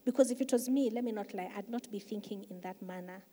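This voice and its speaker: A woman's voice: mid-range voice, quick pace. Woman pastor preaching in an echoing hall. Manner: emphatic storytelling, swelling louder for key points. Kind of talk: sermon. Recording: long reverb of a large hall.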